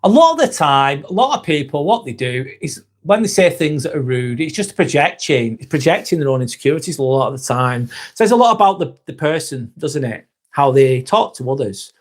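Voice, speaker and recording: A chatty man hosts a live stream with a slightly raised voice. He reads out viewer comments in a relaxed, friendly way, calling people mate, and turns firm when trolls show up. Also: a little high, fairly quick, few pauses. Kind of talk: casual live chat reading comments.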